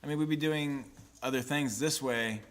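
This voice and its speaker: A man's voice: mid-range voice, moderate pace, a bit bright. A man co-hosting a podcast in casual chat, joking around and swearing freely. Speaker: podcast co-host.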